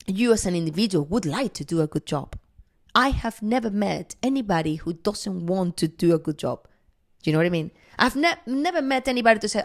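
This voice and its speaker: A woman guest on a podcast interview, talking in an earnest, encouraging way, often pausing with "um" as she thinks. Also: on the low side. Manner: earnest and encouraging, with frequent "um" pauses.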